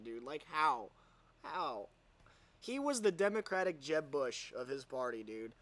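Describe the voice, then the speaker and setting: A man hosting a commentary show, mocking what he plays with loud outbursts and muttered asides. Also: medium pitch, very animated, unhurried, no echo. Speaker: host. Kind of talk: sarcastic commentary vlog.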